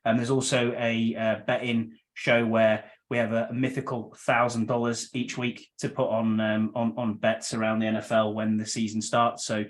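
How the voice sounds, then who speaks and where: A man's voice: mid-range voice, completely flat delivery, normal speed, hardly any pauses. Upbeat chatty male podcast host. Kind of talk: casual podcast chat.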